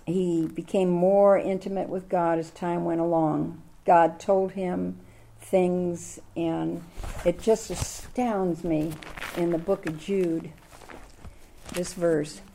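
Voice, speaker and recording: Older woman, Bible study teacher, mellow voice, chatty and full of questions to the class. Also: lowish voice, fairly even intonation, slow pace, vocal fry. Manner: chatty, asks the listeners many questions.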